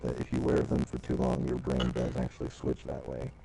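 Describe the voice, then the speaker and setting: A man's voice: extremely low pitch, completely flat delivery, a little fast, vocal fry, noisy background. A man with a Southern country accent, teasing friends in loose banter. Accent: American Southern. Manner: teasing, reads text in mock ad voice. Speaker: friend in group chat. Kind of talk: casual banter.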